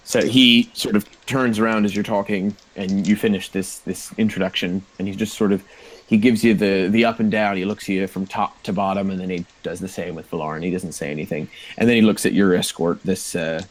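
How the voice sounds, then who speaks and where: A man narrating a tabletop role-playing game as game master, in a relaxed, meandering way with many fillers. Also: sits low, brisk, poor audio.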